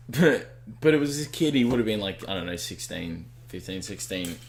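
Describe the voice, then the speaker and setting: A man's voice: low voice, lively intonation, moderate pace. A man in his twenties with an Australian accent, chatting in a dry, laid-back way and laughing easily on a podcast. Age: 20s. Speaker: podcast co-host. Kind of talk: casual chat.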